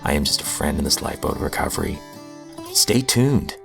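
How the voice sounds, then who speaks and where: A man's voice: very deep voice, lively intonation, brisk, creaky, faint music behind. A man hosting a recovery podcast, telling his own story in an earnest, heartfelt, self-deprecating way. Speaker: podcast host. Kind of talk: personal recovery testimony.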